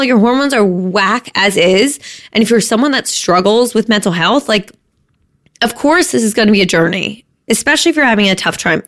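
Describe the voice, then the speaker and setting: A woman talks straight to her podcast listeners in a candid solo episode. Her voice sits at a mid pitch for a woman. She speaks openly and with feeling, in a loose conversational way with the odd swear word. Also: fairly bright tone. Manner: open and emotional, with casual swearing; conversational, addressing listeners directly. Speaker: podcast host.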